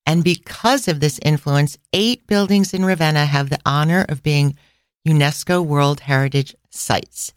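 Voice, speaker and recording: A middle-aged woman co-hosting a casual travel podcast, chatty and quick to laugh, recorded close on a studio mic. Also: low-pitched, no echo. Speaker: podcast co-host and travel planner.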